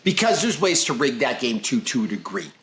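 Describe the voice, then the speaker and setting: A man's voice: medium pitch, sing-song, a little fast, a bit bright. A man hosting a podcast in casual chat, blunt and emphatic as he lectures. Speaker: podcast host.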